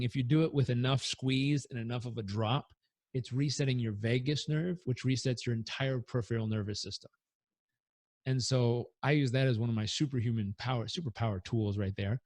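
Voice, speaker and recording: An earnest, energetic man speaks as a coach in an interview, his voice sitting at a middle pitch. The recording is close and dry, with no room sound. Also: no echo. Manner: earnest, energetic, leads breathing exercise aloud. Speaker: performance coach guest. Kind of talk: podcast interview answers.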